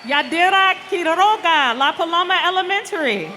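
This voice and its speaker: A woman announcing award winners at a school assembly, reading names slowly and calling each one up to the stage. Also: very high voice, lively intonation, bright, forceful tone, slight background noise. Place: large school hall or auditorium. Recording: reverberant hall, faint ambience.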